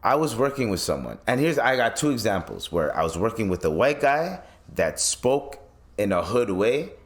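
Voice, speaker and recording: A man hosts a podcast, ranting casually and swearing through his stories. He is from East Africa, and his voice sits low and steady in its pitch. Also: normal speed. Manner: profane, animated storytelling. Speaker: podcast host.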